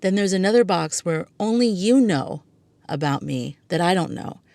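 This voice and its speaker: Low, gravelly woman podcasting. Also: expressive, moderate pace, darkish tone, no echo. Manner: chatty, reflective, with frequent "like" and "you know". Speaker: podcast host. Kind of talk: casual solo podcast talk.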